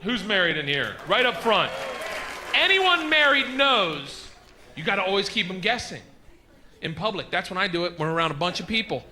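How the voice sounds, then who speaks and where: A middle-aged man doing a stand-up comedy set, telling stories loudly with shouted punchlines, recorded live on stage with audience noise. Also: high voice, quick pace. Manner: loud, animated storytelling with shouted punchlines.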